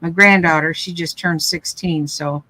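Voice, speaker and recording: A woman's voice: lowish voice, fairly even intonation, measured pace, over a noisy crowd, rough recording. An older woman hosting a casual craft chat, telling rambling family stories with lots of restarts. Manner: chatty, rambling storyteller with frequent restarts. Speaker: craft live stream host.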